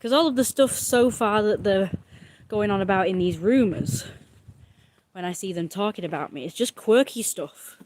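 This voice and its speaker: A woman on a casual livestream who baby-talks to a cat in a high coo, then rambles earnestly to her viewers. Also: normal speed, noisy background.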